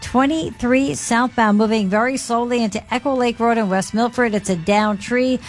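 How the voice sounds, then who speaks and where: Brisk female radio traffic reporter. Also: a little high, fairly even intonation, faint music behind. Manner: brisk, matter-of-fact reading. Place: radio studio.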